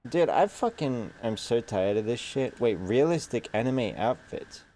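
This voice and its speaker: Slow, mellow-voiced man with a stuffy nose. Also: mid-range voice, animated. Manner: sarcastic, rambling, profane. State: congested nose. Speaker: streamer. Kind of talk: casual gaming commentary.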